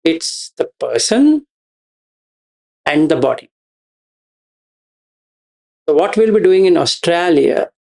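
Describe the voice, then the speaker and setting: A man teaches his students at a very unhurried pace. His voice carries a gravelly edge, and he keeps checking that they follow. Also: on the high side, a little mellow. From India. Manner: slow, repetitive explaining with questions to listeners. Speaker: meditation teacher. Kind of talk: dharma talk to students.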